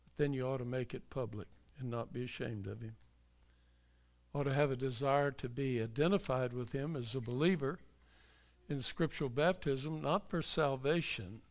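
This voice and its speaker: Gravelly middle-aged pastor preaching in church, slow and folksy, earnest when he gets to the point. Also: medium pitch. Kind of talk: sermon.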